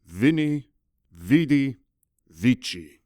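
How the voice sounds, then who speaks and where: A man's voice: medium pitch, expressive, drawn-out words, heavy background noise. A man playing Caesar, a stately Roman general. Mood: grand. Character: Julius Caesar, ancient Roman general, grand.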